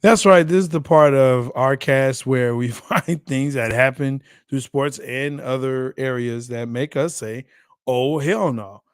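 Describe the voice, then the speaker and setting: Male podcast co-host, mid-pitched, loose and jokey, dry close sound. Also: smooth, no room sound. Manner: loose, laughs easily, rushes in bursts. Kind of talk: casual sports chat.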